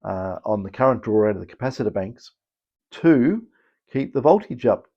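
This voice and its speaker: An Australian electronics technician who hosts a channel explains repairs casually, rambling with lots of fillers and restarts. He has a fairly low, expressive voice at normal speed, captured with lo-fi sound.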